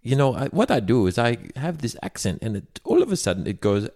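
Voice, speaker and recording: A man's voice: medium pitch, huge pitch swings, fairly quick, darkish tone. A German-born man, co-hosting a podcast in laid-back, joking casual chat. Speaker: podcast co-host.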